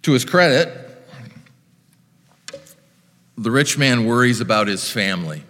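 A man preaching a sermon in a measured, reflective way, with wry asides. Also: medium pitch, lively intonation, a bit bright. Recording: long hall reverb.

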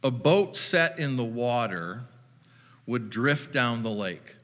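A man's voice: mid-range voice, animated, slow, fairly bright tone, long reverb tail. A man preaching a sermon as pastor, retelling scripture with wry, dry humor.

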